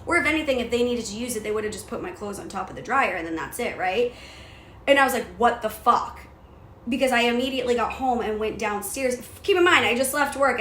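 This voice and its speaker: A young woman hosting a podcast, telling a personal story in casual, profane, animated talk. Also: medium pitch. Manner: profane, animated retelling with quoted outbursts. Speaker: podcast host. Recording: echoey room with faint noise.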